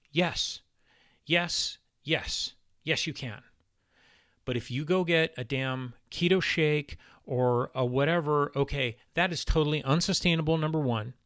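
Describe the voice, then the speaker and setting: Emphatic, exasperated man with a high-ish voice. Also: a bit bright, dry recording, studio quality. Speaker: keto diet vlogger. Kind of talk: casual instructional vlog.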